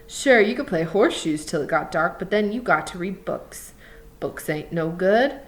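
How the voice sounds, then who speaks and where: A woman reading aloud, voicing a bitter, lonely older stable hand in a slow, brooding drawl. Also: lowish voice, expressive, close to an everyday voice.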